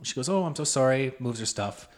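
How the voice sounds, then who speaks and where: A man co-hosting a podcast, telling his side of a story in a relaxed, offhand, profane way. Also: mid-range voice, fairly quick. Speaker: podcast co-host. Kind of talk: casual chat.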